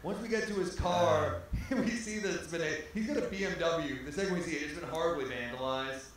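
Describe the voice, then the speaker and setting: A male comedian telling a stand-up story on stage in a club, animated and laughing through his own lines. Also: a little high, a little fast. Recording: echoey comedy club with faint noise.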